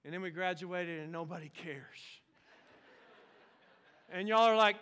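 A man from Oklahoma, preaching a lively, storytelling sermon with sudden bursts of shouting. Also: sits high, measured pace, smooth. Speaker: pastor.

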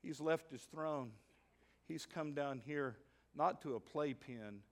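A man preaching a sermon as pastor in a church, telling a story with animated delivery and sudden shouted emphases. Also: fairly high pitch, takes it slowly. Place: church sanctuary.

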